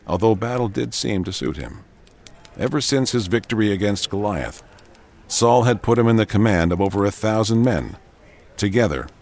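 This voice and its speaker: A man giving a measured, dramatic narration of a story. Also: fairly low pitch, darkish tone.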